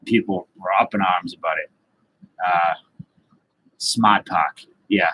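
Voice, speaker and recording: A man's voice: low voice, takes it slowly, pushed and bright, husky, low-quality recording. A man hosting a casual live stream, rambling loosely and greeting viewers by name as he reads their comments. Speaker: livestream host.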